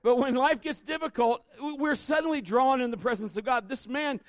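A man's voice: very high voice, brisk, no echo, studio quality. A man preaching a sermon at a church service in a casual, storytelling way that leans toward conversation. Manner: conversational, animated storytelling with acted-out quotes. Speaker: pastor.

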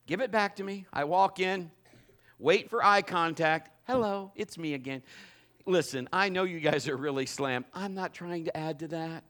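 A middle-aged man preaching a sermon, telling a funny story and acting it out in a lively way. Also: fairly high pitch, normal speed. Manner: animated, acts out the story. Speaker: pastor.

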